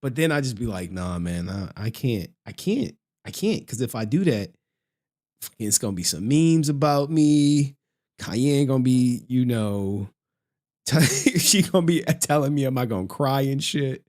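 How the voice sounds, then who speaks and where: A man's voice: medium pitch, a little slow, darkish tone. A man live-streaming, chatting loosely with his viewers in slangy talk and laughing often. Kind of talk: casual live-stream chat.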